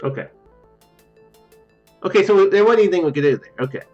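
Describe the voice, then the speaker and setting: A man's voice: high-pitched, animated, brisk, a little mellow. Man reading game text, faint music. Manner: reads on-screen text with restarts and asides, laughs easily. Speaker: let's play gamer reading game text. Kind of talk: casual let's play commentary and reading aloud. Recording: dull muffled recording with faint game music.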